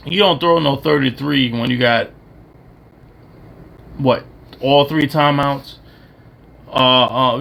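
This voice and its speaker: A man's voice: mid-range voice, gravelly, a bit bright. A man co-hosting a casual sports podcast, blunt and trash-talking, laughing at rival teams. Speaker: co-host.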